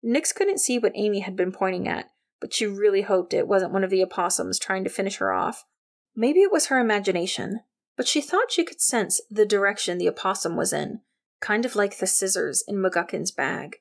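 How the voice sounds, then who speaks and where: A woman narrating an audiobook in a wry, lively storytelling manner. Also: medium pitch, moderate pace, creaky.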